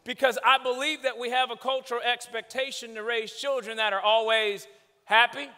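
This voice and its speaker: A man preaching a comedic sermon in a large church hall, telling animated stories about his kids with shouted punchlines. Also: very high-pitched, moderate pace. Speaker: guest preacher. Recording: long hall reverb.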